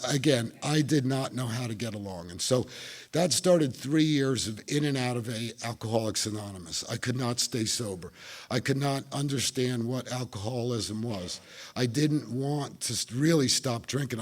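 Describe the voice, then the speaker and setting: A middle-aged man from New Jersey with a New Jersey accent, telling his recovery story at a meeting with wry, self-mocking humor. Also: medium pitch. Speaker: speaker sharing recovery story.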